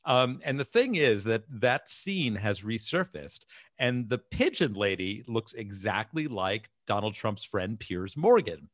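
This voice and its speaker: A man's voice: fairly low pitch, very animated, unhurried, few pauses, no room sound, clean studio sound. A man co-hosting a casual chat show, telling a story and laughing often. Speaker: podcast co-host.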